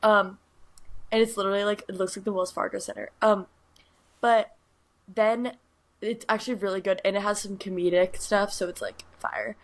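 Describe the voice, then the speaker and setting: A woman's voice: medium pitch, steady tone, moderate pace. A young woman co-hosts a casual podcast and rambles happily through a story. Her chat is loose and full of fillers. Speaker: podcast co-host.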